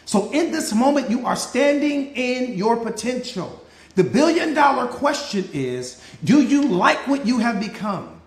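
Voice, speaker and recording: A man's voice: extremely high pitch, big pitch swings, measured pace, reverberant. A man, a life coach, giving an emphatic live-stream motivational talk with a repetitive, preacher-like cadence.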